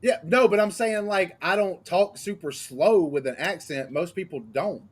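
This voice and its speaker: A man with a Southern US accent, co-hosting a casual movie review podcast and arguing his points quickly and with energy. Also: high-pitched, slightly rough. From Southern United States. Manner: fast, animated, argumentative. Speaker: podcast co-host.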